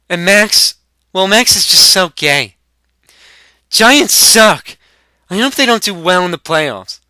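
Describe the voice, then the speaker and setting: Brief: man doing a smug young stoner, high-pitched and slow. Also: pushed and bright, smooth, dry recording, heavily acted. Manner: smug, crude trash talk. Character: cocky profane young male stoner.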